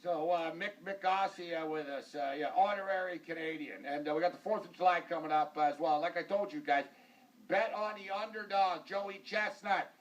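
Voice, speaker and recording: A man's voice: high-pitched, normal speed, distant mic, muffled recording. A man hosting a sports talk show, rambling and joking in casual banter. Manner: rambling, joking, full of fillers like "like" and "uh".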